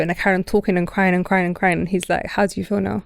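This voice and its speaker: A woman's voice: fairly low pitch, racing, gravelly, no room sound, studio quality. A woman, hosting a podcast and telling her own story candidly, acting out the people in it. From Britain. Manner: candid, animated storytelling with quoted voices. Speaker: podcast host. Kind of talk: casual chat.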